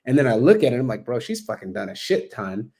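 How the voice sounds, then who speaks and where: A man rattling along quickly as a podcast guest. He talks in a blunt, animated way, swears freely, and slips into the voices of others as he retells conversations. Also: medium pitch, creaky. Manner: heavy swearing, blunt and animated, acts out quoted exchanges.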